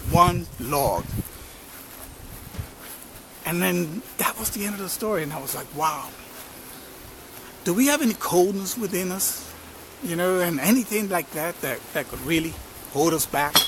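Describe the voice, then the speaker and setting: A man's voice: a little high, heavy background noise. A man telling a moral story in a casual, rambling way, with lots of fillers and restarts. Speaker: motivational marketing vlogger.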